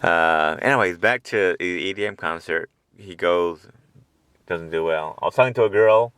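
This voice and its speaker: This podcast host has a deep, smooth, slightly bright voice and speaks at a moderate pace. He wanders through a profane comic monologue sprinkled with chuckling asides, taped on a handheld portable recorder in a parked car at night. There is no echo.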